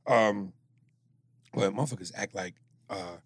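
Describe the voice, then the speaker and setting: A man's voice: lowish voice, measured pace, slightly rough. A man co-hosting a comedy podcast, joking crudely and reading listener emails aloud. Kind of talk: casual podcast chat.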